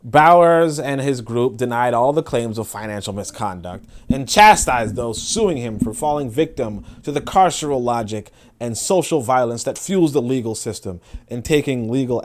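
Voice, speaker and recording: Man, podcast host, casual live commentary, animated and profane, pitch jumping up and down. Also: moderate pace. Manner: animated, profane, repeats himself.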